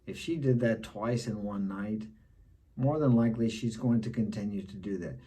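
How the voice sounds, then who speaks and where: A man's voice: on the low side, moderate pace, warm tone, breathy edge. A middle-aged man giving blunt dating advice in a casual monologue, repeating his key points.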